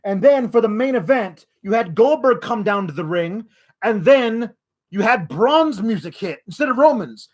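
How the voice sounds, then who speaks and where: A male podcast host vents in an exasperated, profane rant. His voice sits high for a man, and the swearing never lets up. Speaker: wrestling news podcast host.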